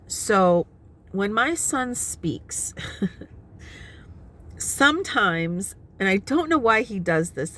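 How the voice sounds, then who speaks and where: A middle-aged woman vlogging casually from her car, chatty and often laughing as she explains at length. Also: lowish voice. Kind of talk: casual talking-head vlog. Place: inside her parked car. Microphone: phone propped on the steering wheel.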